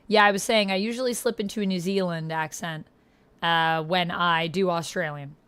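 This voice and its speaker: A woman's voice: lowish voice, steady tone, moderate pace, a bit bright, clean tone. A woman streamer chatting casually and rambling to her viewers during a livestream.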